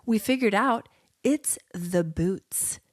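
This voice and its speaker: A woman's voice: medium pitch, lively intonation, slow, no echo, clean studio sound. A woman co-hosting a casual podcast with her brother, telling home anecdotes and laughing easily. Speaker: podcast co-host. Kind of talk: casual sibling chat, storytelling.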